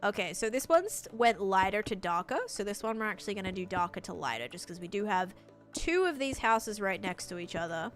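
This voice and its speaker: Australian woman, live streamer, casual chat while building, mid pitch, faint music behind. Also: expressive, brisk.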